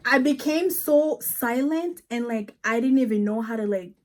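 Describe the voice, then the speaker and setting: A young woman in her twenties chatting casually on her vlog, animated and acting out what people said, with lots of "like". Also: a little high, moderate pace. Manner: animated, acts out quoted voices, many likes. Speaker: vlog host. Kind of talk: casual storytelling chat.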